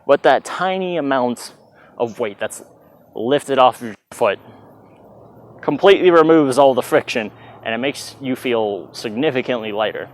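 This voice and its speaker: A man's voice: mid-range voice, a little slow. Chatty man teaching dance moves. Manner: chatty, loose, vocalizes beats with "bah". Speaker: dance instructor. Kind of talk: casual dance tutorial. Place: outdoors in hot weather. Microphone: plugged-in mic, sometimes stepping away.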